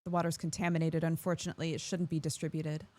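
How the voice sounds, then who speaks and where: A calm male doctor delivers his lines in a lower, matter-of-fact voice, as a woman reads his game dialogue aloud. He is measured and unhurried, never rattled. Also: lightly acted.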